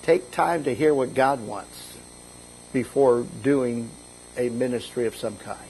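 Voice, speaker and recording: A man's voice: medium pitch, unhurried, darkish tone, slight background noise, low-quality recording. A middle-aged man, a bishop, preaching a conversational sermon, retelling scripture in a casual, folksy way and lifting his voice for quoted lines.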